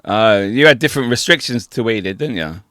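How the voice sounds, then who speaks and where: A man's voice: lowish voice, animated, fairly quick, fairly bright tone, no room sound. A man co-hosting a podcast, asking friendly questions and laughing often in casual chat. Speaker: podcast co-host.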